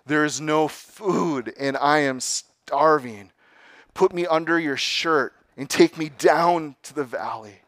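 A man's voice: a little high, slow pace, fairly bright tone, dry recording, pitched above the performer's own voice. A man voicing a cunning, persuasive rattlesnake in a story told during a sermon. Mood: pleading. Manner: pleading then coolly blunt.

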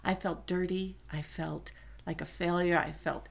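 A middle-aged woman shares her personal testimony at a church service, speaking in an earnest, conversational way. Her voice sits a little on the lower side for a woman. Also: steady tone, a little slow, gravelly. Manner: earnest, conversational storytelling that acts out quoted voices. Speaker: church member giving a testimony. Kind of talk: personal testimony told to a congregation.

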